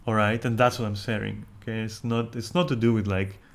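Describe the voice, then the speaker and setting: A man's voice: fairly low pitch, little pitch movement, a little fast, vocal fry. A man streamer in casual, rambling chat, candid and profane, often restarting his sentences.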